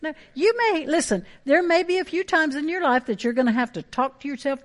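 A woman delivers a sermon from the pulpit. Her voice sits high, and she drives each point home by repeating key phrases with conviction. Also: fairly quick, hardly any pauses. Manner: emphatic preaching with repeated phrases. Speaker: pastor.

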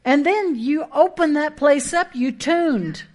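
A woman pastor, preaching a sermon in a folksy, emphatic way with quick asides and rising exhortations. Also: high voice, animated, darkish tone.

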